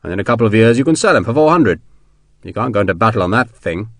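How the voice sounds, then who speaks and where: A man voicing an eager, headstrong British general who speaks briskly and commandingly. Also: on the low side, animated, a bit bright, dry recording. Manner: brisk, commanding, quick to laugh.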